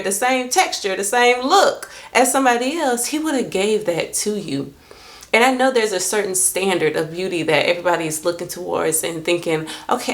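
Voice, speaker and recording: A young woman talking casually to her camera about faith and self-love, lively and expressive, jumping up in pitch when she quotes herself.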